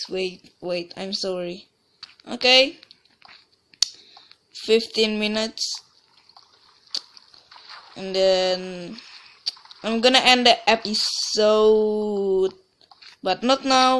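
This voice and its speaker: A woman's voice: medium pitch, fairly bright tone. A woman giving casual gameplay commentary as a let's play gamer, rambling and often restarting or trailing off mid-sentence.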